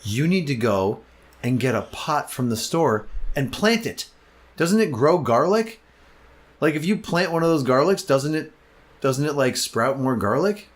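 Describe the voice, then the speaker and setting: A man's voice: mid-range voice, expressive, a little slow. A man co-hosting a comedy podcast, rambling casually with lots of fillers and restarts. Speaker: podcast co-host.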